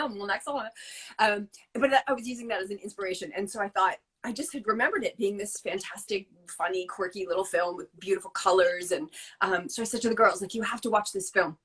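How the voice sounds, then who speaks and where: 40s woman guest, lively storyteller, bit breathy voice. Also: medium pitch, brisk. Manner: animated storyteller, laughing often. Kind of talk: casual chat.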